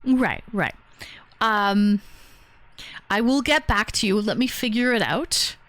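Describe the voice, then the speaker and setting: A woman's voice: medium pitch, animated, takes it slowly, a bit bright, no room sound. A woman hosting a livestream call-in, talking in a bubbly, chatty way with lots of fillers. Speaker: streamer host. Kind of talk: casual livestream chat.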